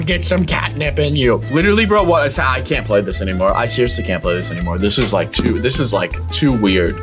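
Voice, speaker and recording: A young man giving excitable gameplay commentary, full of loud exclamations, yelps and slangy bro-talk. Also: fairly high pitch, moderate pace, faint music behind. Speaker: gaming YouTuber.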